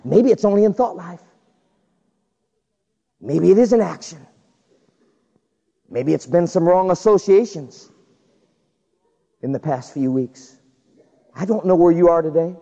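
Lively high-voiced preacher. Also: male voice, measured pace, gravelly, long pauses. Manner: animated, acts out the people in his stories. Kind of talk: storytelling sermon. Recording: dull recording with long hall reverb.

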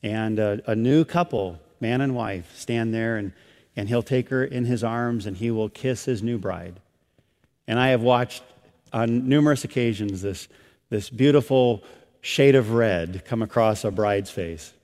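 A man's voice: mid-range voice, unhurried, darkish tone. A middle-aged man preaching a sermon as a pastor, rising and swelling with emphasis on key phrases. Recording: hall reverb.

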